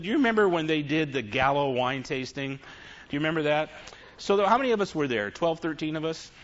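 A man's voice: on the high side, fairly bright tone. A middle-aged man giving a sermon, telling funny, confessional stories to his congregation. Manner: humorous, confessional storytelling to a congregation. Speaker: preacher. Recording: dull lo-fi recording.

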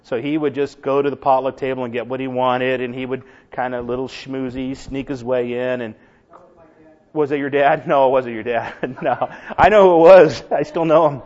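A middle-aged man giving a humorous personal testimony to a congregation, a lively, self-deprecating storyteller who gets animated as he goes. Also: medium pitch, normal speed, muffled recording. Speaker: church member giving testimony.

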